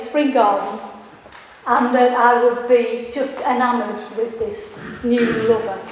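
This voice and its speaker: A woman performing her own poetry at a live event, with a slow, measured, deliberate delivery. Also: fairly high pitch. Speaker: performing poet. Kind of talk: spoken-word poetry reading. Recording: echoey hall, faint noise.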